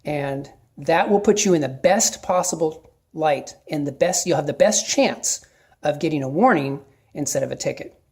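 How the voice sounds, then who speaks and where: A middle-aged man giving casual, plain-spoken advice to viewers, often checking in with a quick "okay?". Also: on the high side, a little mellow. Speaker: video host giving advice. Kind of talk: casual instructional talk to camera.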